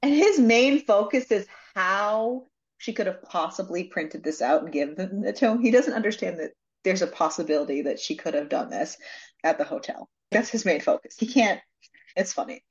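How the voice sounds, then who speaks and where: A woman's voice: mid-range voice, animated, normal speed, lo-fi sound. A young woman co-hosting a casual book club podcast, retelling a romance plot loosely and swearing freely. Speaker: podcast co-host.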